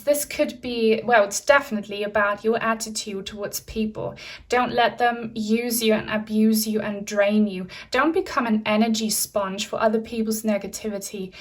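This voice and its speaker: Earnest woman reading tarot, slightly distant mic. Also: on the high side. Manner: earnest, direct advice with many fillers. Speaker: tarot reader.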